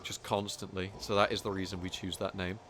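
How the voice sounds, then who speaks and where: While speedrunning, this man keeps up a loose, jokey running commentary, ribbing other players and cursing every so often. He speaks low and flat, slightly fast, with a somewhat bright tone over faint hiss or hum. Expect mockery, casual swearing and plenty of filler words.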